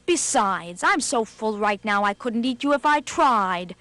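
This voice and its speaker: A woman's voice: fairly high pitch, lively intonation, measured pace, bright, forceful tone, no room sound. A woman voicing a gullible, hungry male tiger in a storybook game, pleading and earnest.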